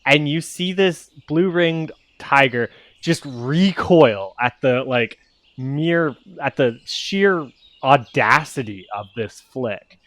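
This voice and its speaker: A man's voice: medium pitch, animated, slow, fairly bright tone, dry recording. A man narrating as game master of a tabletop game, casual with many fillers.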